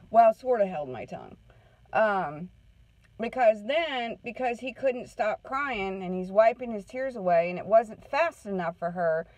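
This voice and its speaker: A woman's voice: medium pitch, a little mellow, no room sound, muffled recording. A woman counselor giving a casual morning talk, chatting through a story and checking in with her listeners. Her voice sits in a middle range. It is recorded close and dry. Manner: chatty storytelling, keeps asking "okay?". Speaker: parenting counselor.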